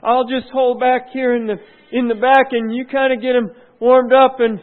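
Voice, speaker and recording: A preacher putting on a fidgety, stalling servant. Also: male voice, extremely high pitch, little pitch movement, moderate pace, pitched above the performer's own voice. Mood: nervous. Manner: anxious, wheedling, rambling. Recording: tinny phone-like sound.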